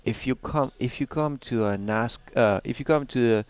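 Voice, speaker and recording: A man doing an impression of a slow-talking colleague, drawing out his words. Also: mid-range voice, clear, resonant tone, no echo, lightly acted. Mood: drawling. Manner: slow, drawn-out delivery.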